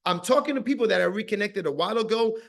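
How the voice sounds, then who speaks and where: Energetic man with a high voice, sales coach on a video call, playful and punchy. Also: fast, gravelly. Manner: animated, acts out phone calls, says "right?" often. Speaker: team leader giving sales training.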